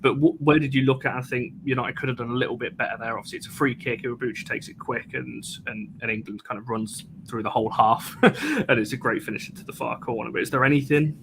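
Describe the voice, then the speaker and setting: A man hosting a fan review show, asking questions quickly and laughing easily. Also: mid-range voice, fairly even intonation, gravelly, a bit bright, slight background noise. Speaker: show host. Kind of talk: casual football discussion.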